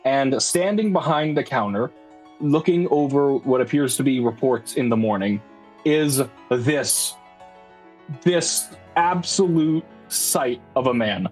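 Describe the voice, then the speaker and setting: Male game master, mid-pitched, describing scenes loosely over faint music. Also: expressive, slow, darkish tone. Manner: casual, full of "like" and restarts. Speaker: dungeon master. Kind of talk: narrating a tabletop game.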